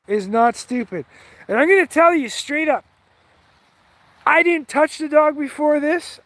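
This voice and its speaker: A man's voice: very high-pitched, fairly bright tone, no room sound. A man telling a rambling, heated story with lots of swearing, in a casual, offhand way. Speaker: vlogger.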